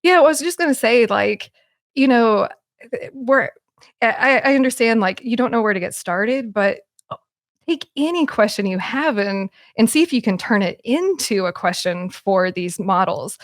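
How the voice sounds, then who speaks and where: A woman talking casually as a podcast guest, animated, with many fillers and restarts. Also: a little high, moderate pace, no room sound, clean studio sound. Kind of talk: casual conversation.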